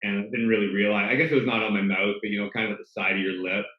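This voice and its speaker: A middle-aged man with a lowish voice tells lively, self-deprecating stories as an interview guest. He sounds like he is on a video call from a roomy space, with slightly dull, lo-fi audio. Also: rapid-fire. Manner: storytelling, self-deprecating, animated. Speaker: sports broadcaster, guest. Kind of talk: casual interview chat.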